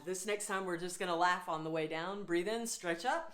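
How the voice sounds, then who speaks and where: A woman's voice: medium pitch, moderate pace. A woman leading a laughter yoga class, upbeat and encouraging, breaking into laughter between her instructions. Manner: upbeat, encouraging, coaxing the viewer along. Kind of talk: guided laughter exercise class.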